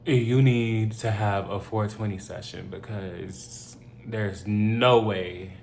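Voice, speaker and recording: A man with a lowish voice talks slowly, reading a story and breaking off into blunt, joking commentary. His voice rings in a roomy space over a faint hum. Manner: blunt, opinionated, joking asides. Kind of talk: casual reaction commentary.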